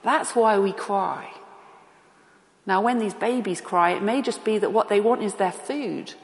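A woman preaching a sermon, deliberate and emphatic, asking rhetorical questions. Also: medium pitch. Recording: echoey hall with long reverb.

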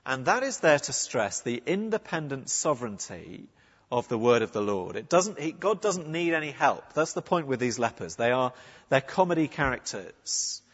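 Preacher, muffled, echoing church. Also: male voice, mid-range voice, big pitch swings, moderate pace, husky. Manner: conversational, earnest, with frequent restarts. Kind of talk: sermon. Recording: muffled, with a long church reverb.

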